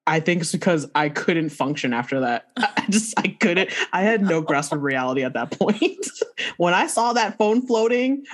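A woman telling a funny story in casual chat, animated and laughing often as she quotes herself. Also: fairly low pitch, normal speed.

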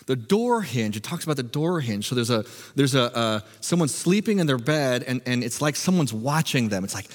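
A man preaching a sermon in a humorous, animated, self-mocking way. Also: mid-range voice, normal speed, hardly any pauses, in a large hall. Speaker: pastor.

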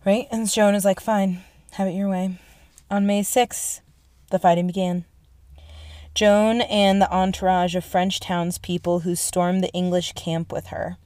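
A young adult woman retelling history in a casual, excitable way, swearing often and saying "like" and "right?" a lot. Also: lowish voice, measured pace, dry recording. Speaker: storyteller.

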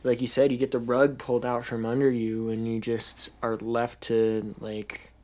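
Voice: medium pitch, monotone, moderate pace, a little mellow. A podcast co-host talking in casual chat, thoughtful and hesitant with many fillers.

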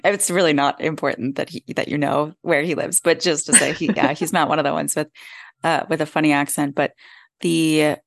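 Low gravelly woman, dry close sound. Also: steady tone, fairly quick, no room sound. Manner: enthusiastic, casual. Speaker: podcast co-host. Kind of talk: casual chat.

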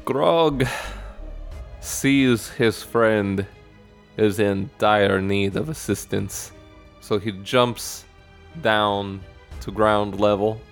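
A man narrating his character in a tabletop game, speaking very slowly in a low, gravelly voice. He has a teasing, crude sense of humor, and faint music plays underneath. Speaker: player.

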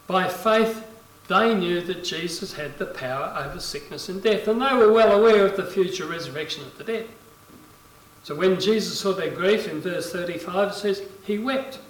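A man's voice: high voice, moderate pace. A male pastor preaching a sermon, reading scripture aloud and voicing quoted lines with dramatic rises in force. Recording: roomy echo, voice from a distance.

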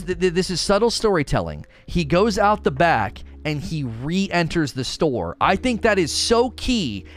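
A man giving a casual spoken review who talks with many fillers and restarts and rises in pitch when he gets excited. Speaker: show reviewer.

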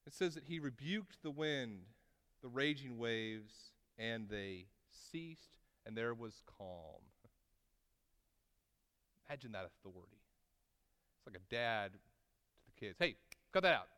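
Male pastor preaching, clear resonant voice, fairly high, long hall reverb. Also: slow, long pauses. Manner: preaching with wide swings between loud emphasis and quiet asides. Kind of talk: sermon.

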